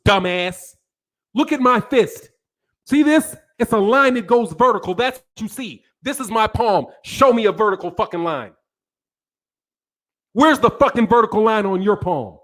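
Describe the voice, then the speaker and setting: High-voiced man in a furious profane rant. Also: fairly bright tone. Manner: angry, profane, repetitive. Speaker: boxing channel host. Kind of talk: profane ranting commentary to a live audience.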